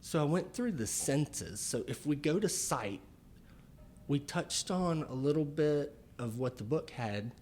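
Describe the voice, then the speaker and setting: Man explaining slowly, with pauses. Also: fairly high pitch, expressive, a little mellow, slight background noise. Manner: slow, deliberate explaining with pauses and fillers. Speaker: chiropractor and author. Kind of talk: casual podcast conversation.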